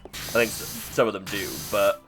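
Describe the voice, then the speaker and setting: A man's voice: on the low side, little pitch movement, moderate pace, background noise. A man streaming a game, chatting casually in a rambling, self-mocking way. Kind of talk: casual chat while gaming.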